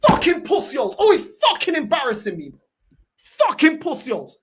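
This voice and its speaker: A woman's voice: sits high, wildly swooping pitch, a little fast, faint music behind. A woman, ranting angrily and scornfully as a football fan streamer. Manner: angry, sweary, scornful ranting.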